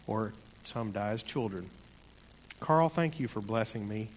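A man giving a sermon in an earnest, conversational way, slowing down to stress key points. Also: lowish voice, lively intonation, long reverb tail, a little hiss or hum. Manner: earnest, conversational, slows for emphasis. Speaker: preacher.

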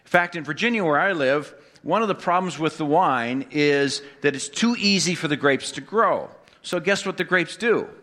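This male pastor has a slightly high, bright voice with lively intonation, preaching at a normal speed. He keeps quizzing his listeners and sneaking in wry jokes.

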